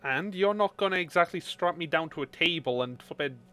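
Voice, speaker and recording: A man's voice: on the high side, lively intonation, a little fast, sharp tone, faint music behind. A young man hosting a casual podcast chat, laid-back and mostly giving short replies. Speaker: podcast host.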